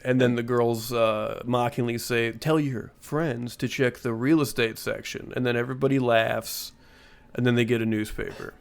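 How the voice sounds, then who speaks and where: A man co-hosting a casual comedy podcast, talking in a relaxed, halting way and recapping scenes. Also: medium pitch, gravelly. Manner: relaxed, hesitant with many uh fillers. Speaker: podcast co-host.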